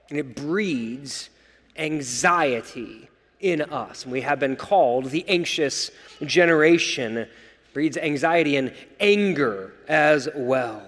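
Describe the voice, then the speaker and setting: A male pastor preaching a sermon, earnest and emphatic, slowing down for proclamations. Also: a little high, long reverb tail.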